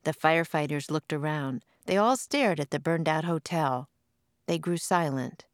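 A woman author reading her own storybook aloud in an expressive read-aloud style. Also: low-pitched, moderate pace, dry recording, clean studio sound. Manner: expressive, puts on voices for quoted lines. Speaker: author and narrator.

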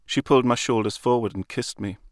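A man reading a literary story aloud in a calm, measured storytelling manner. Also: medium pitch, no echo, clean studio sound. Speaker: narrator. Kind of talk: literary audiobook narration.

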